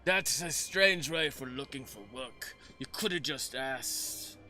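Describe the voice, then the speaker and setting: A man's voice: medium pitch, slow pace, bright, forceful tone, faint music behind. A man voicing a stern, suspicious male boss who questions people firmly. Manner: firm, questioning.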